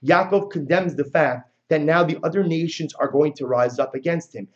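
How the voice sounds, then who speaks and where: A male religious teacher giving a passionate lecture on religious texts, telling the story dramatically and moving between loud and soft. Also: on the high side, moderate pace, muffled recording.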